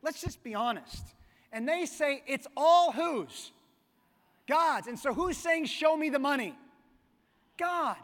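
High-voiced pastor preaching in a reverberant hall. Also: male voice, fairly bright tone. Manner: conversational, storytelling preaching. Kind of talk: sermon. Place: church sanctuary. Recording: long reverb of a church hall.

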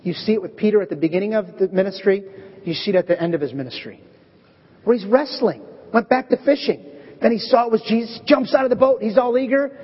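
Husky, high-voiced preacher in a hall. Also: male voice, fast. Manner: animated, acts out dialogue in voices. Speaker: pastor. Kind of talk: sermon. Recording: echoey dull hall recording.

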